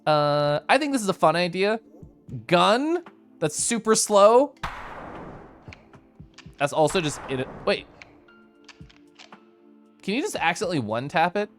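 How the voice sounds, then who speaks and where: A playful streamer talks casually to viewers over a live game, breaking into giggles often. The pitch swings widely and sits in a middle register. Faint game music plays underneath. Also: sing-song, unhurried, pauses often. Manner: giggly, playful, talking to chat.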